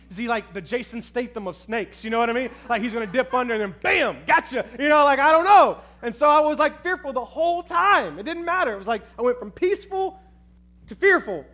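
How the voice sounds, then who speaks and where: High-pitched guy preaching, animated storytelling, says y'all to the crowd. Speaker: pastor. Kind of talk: sermon with personal story.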